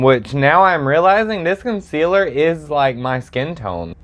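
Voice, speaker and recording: An excitable man reviews makeup at home, talking straight into his phone camera. His voice swoops up and down with animated range, breaking into dramatic squeals and sassy asides. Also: a little high. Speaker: makeup vlogger. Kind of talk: casual makeup review chat.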